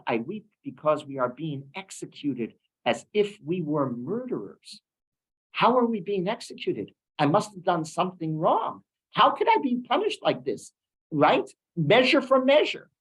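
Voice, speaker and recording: A man's voice: fairly high pitch, husky, rough recording. A man teaching a weekly Torah class, asking rhetorical questions and mixing in Hebrew terms. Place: synagogue room.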